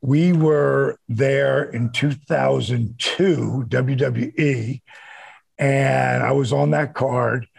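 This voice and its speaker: A middle-aged man, a former wrestler and co-host, telling animated stories and repeating words when excited. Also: mid-range voice, drawn-out words, gravelly, husky, no room sound. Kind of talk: casual storytelling.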